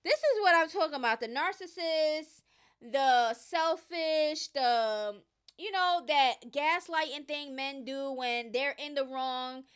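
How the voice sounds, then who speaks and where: A woman hosting casual gossip commentary, reading posts aloud and giving emphatic, opinionated takes that swing between loud and muttered. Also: high voice, slow pace.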